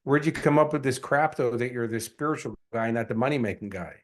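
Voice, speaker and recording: A man's voice: medium pitch, fairly quick, close to an everyday voice. A man quoting a blunt older male mentor who challenges him in a pushy, confronting way. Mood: challenging.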